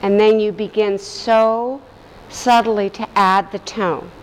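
A woman teacher guides a vocal meditation at an unhurried, deliberate pace, her instructions calm and gentle. Her voice sits at an ordinary middle pitch and carries a long, lingering reverb, with faint ambient noise underneath. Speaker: voice and breath teacher.

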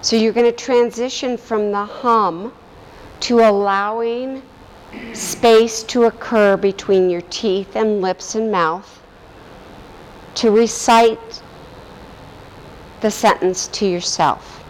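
A woman teacher leading a guided vocal meditation in a calm, gently instructive way. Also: mid-range voice, takes it slowly, pauses often, in a large hall, a little hiss or hum, rough recording. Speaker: voice and breath teacher.

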